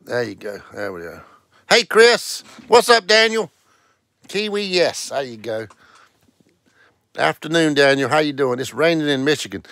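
A man's voice: fairly high pitch, big pitch swings, a little slow, pauses often, fairly bright tone, dry recording. A man hosting a casual live stream, greeting viewers one by one in a sing-song way and calling out scratch-ticket numbers. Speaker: livestream host.

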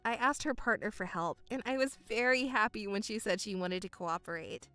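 A woman voicing a calm, patient young woman who is about to be married, speaking in a measured, restrained way in a dramatized story reading. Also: mid-range voice, clear, resonant tone, faint music behind, natural voice.

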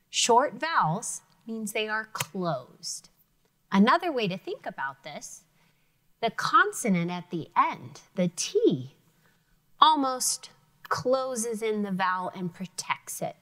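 A woman teacher giving an elementary phonics lesson, sounding out words carefully and clearly for young students. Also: mid-range voice, bright, forceful tone.

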